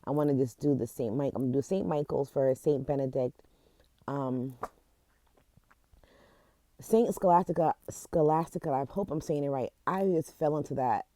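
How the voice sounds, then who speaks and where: A woman in a casual vlog, retelling a story in an emotional, halting way, close to tears, with many restarts. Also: extremely low pitch, warm tone, dry recording. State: teary, close to crying. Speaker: vlogger. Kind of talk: casual chat.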